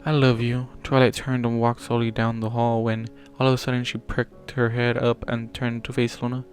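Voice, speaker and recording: A man reads a fan story aloud at an ordinary, middle pitch. His reading is plain, with small stumbles he corrects on the fly. Faint music runs behind him. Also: completely flat delivery, moderate pace. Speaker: fanfiction reader.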